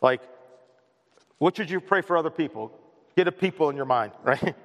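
Chatty pastor in a reverberant church. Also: male voice, fairly high pitch, lively intonation, normal speed, long pauses. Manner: repeats words as he restarts, chatty and familiar with the congregation. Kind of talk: casual conversational sermon. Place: church sanctuary. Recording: long hall reverb in a church.

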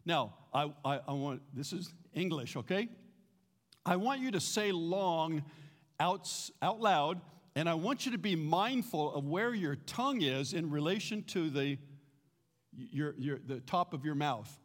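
A man's voice: on the high side, lively intonation, a little slow, big-room sound. A middle-aged man from the United States giving a practical church teaching, plain-spoken and prone to repeating words as he restarts. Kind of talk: sermon-style teaching.

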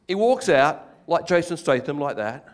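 Older Australian man, lively storytelling preacher. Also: on the high side, normal speed. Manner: animated storytelling with jokes, acts out quoted voices. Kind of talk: sermon.

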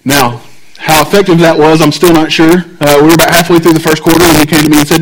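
A pastor with a high voice delivers his sermon like a conversation. He tells stories from family life and keeps checking in with his listeners. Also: quick pace, a little hiss or hum, rough recording. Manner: conversational, animated, asks the congregation frequent checks like "right?". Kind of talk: sermon with storytelling.

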